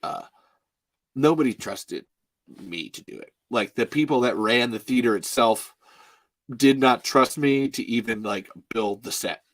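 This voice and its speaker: A man's voice: mid-range voice, measured pace, a bit bright, dry recording. A man in his thirties telling a story in casual chat to a live audience, rambling with lots of "like", laughing often and swearing freely. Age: 30s. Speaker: live stream host.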